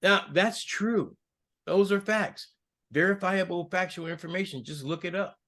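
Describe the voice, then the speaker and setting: A man's voice: moderate pace, fairly bright tone. A man co-hosting a political podcast, talking casually and getting heated. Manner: heated, rising pitch when angry. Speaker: podcast co-host.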